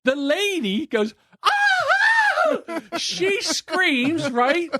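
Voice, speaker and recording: A man hosting a podcast, telling a rambling story in a lively, laughing way. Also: on the high side, fairly quick, no echo. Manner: animated, laughing, repeats himself. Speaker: podcast host. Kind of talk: casual storytelling.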